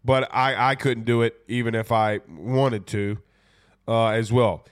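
A man's voice: mid-range voice, steady tone, measured pace, clean tone. A man with a stuffy, congested voice, hosting a casual sports talk show and rambling through viewer comments. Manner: laid-back, rambling with fillers. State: congested from a cold. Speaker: podcast host.

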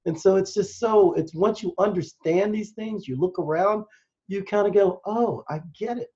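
Enthusiastic American man, mellow lo-fi. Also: high voice, normal speed. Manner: enthusiastic, rambling, explaining. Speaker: podcast guest, doctor. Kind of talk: casual interview talk. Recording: muffled lo-fi sound.

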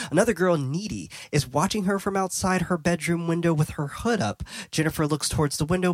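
A man's voice: a little high, no echo, studio quality. A man hosting a podcast, casually recapping film scenes, often restarting phrases and laughing. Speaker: podcast host.

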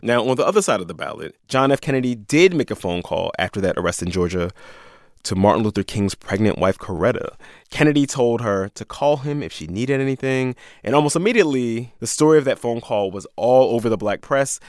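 A man's voice: medium pitch, lively intonation, brisk, no room sound, studio quality. A man co-hosting a podcast, telling a history story in a casual, jokey way and laughing often. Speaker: podcast co-host.

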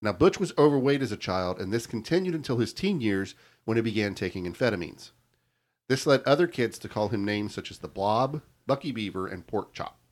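A man with a lowish, expressive voice co-hosts a podcast, reading out a crime story at a brisk, steady clip. The chat is casual, and he stumbles over the hard names.

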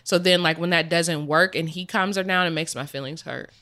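A woman's voice: on the low side, a little fast, bright, forceful tone. A young woman with a new baby, a podcast co-host, talking candidly and rambling with lots of "like". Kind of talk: casual chat.

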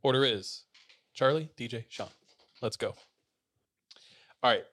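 A man hosting a podcast, casually retelling a listener's ghost story to his co-hosts in a relaxed, slangy way. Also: mid-range voice, a little slow. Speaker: podcast host.

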